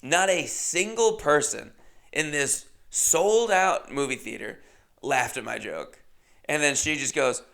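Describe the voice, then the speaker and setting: A man hosting a podcast, recounting a comic mishap in a wry, self-deprecating way. His voice sits a bit high with a gravelly, fry-heavy texture. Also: takes it slowly, pushed and bright. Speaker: podcast host. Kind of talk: comedic storytelling.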